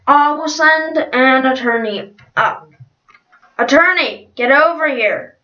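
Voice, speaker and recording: A woman voicing a stiff, formal hotel desk clerk who clears her throat, recorded from a distance in an echoey room. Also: high voice. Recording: distant, roomy, dull lo-fi.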